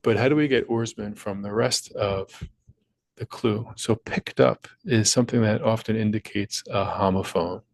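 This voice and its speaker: Low-voiced man explaining puzzles. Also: normal speed, creaky, darkish tone, no room sound, low-quality recording. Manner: patient, explanatory, with small slips and restarts. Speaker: crossword puzzle maker and teacher. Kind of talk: screen-recorded tutorial walkthrough.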